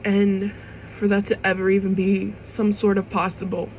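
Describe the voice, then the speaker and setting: Young woman, vlogger, emotional monologue, halting restarts, casual swearing, near tears, middle pitch, faint background noise. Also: level tone, a little mellow, poor audio. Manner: heartfelt, rambling, fighting back tears. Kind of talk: emotional personal monologue to camera.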